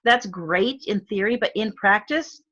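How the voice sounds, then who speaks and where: Chatting casually as a guest, a middle-aged Arizona woman with a local accent speaks at a measured pace in a mid-range, fairly bright voice, with the highs cut off. Her talk is full of fillers and frequent laughter.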